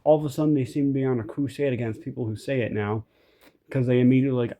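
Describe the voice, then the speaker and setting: A man's voice: medium pitch, steady tone, very fast, dark tone. A young man venting in a frustrated, rambling rant, swearing often and restarting his sentences. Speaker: vlogger. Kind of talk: ranting vent recording.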